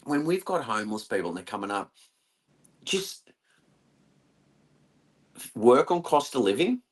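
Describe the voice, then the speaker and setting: A man's voice: mid-range voice, big pitch swings, measured pace. An Australian man, a veteran turned political candidate, talking bluntly and earnestly in a casual interview, calling people "mate".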